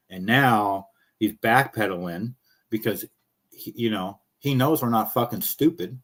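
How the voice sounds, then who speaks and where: A man ranting in casual commentary, blunt and profane, his voice going hoarse as he talks. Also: fairly low pitch, a bit bright. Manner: blunt, profane, fast-talking. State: losing his voice. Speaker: show host.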